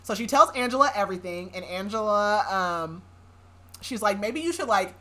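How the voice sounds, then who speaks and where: A woman's voice: mid-range voice, lively intonation, moderate pace, fairly bright tone. A young woman hosting a podcast, recapping a novel in a chatty way, with sarcastic asides and frequent laughs. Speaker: podcast host. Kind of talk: casual book recap.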